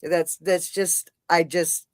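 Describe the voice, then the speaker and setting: A woman's voice: fairly low pitch, little pitch movement, slow pace, dry recording. A woman hosting a podcast interview, gushing and enthusiastic as she rambles with many restarts. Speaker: podcast host. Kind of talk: casual interview chat.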